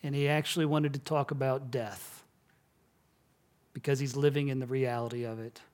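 A male pastor giving a sermon in an earnest, measured way, dropping to a hush at solemn moments. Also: mid-range voice, steady tone.

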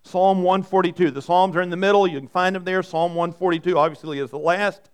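A man's voice: high-pitched, fairly even intonation, a little fast, smooth. A male pastor preaching a sermon in an earnest way, often repeating words and restarting.

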